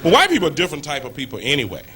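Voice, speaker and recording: A man performing a stand-up comedy set on a club stage, shouting his punchlines and acting out the people in his stories. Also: fairly high pitch, wildly swooping pitch, rapid-fire. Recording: live club recording, loud crowd and noise. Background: loud audience laughter.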